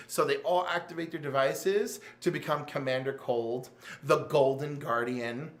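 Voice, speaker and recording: A man co-hosting a casual comics podcast, retelling scenes with excited storytelling and quick jumps into character voices. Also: medium pitch. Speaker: podcast co-host reviewing comics. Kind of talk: animated casual chat, acting out scenes. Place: game store.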